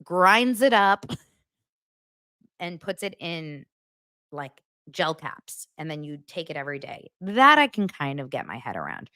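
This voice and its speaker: A woman's voice: sits low, big pitch swings, takes it slowly, pushed and bright, no echo, studio quality. A woman hosting a podcast, recapping reality TV in a blunt, sarcastic, casual way. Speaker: podcast host.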